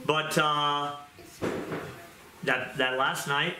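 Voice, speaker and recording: A man's voice: a little high, flat delivery, extremely slow. A man preaching a testimony sermon, telling his story earnestly and repeating his points for emphasis. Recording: echoey room with loud noise.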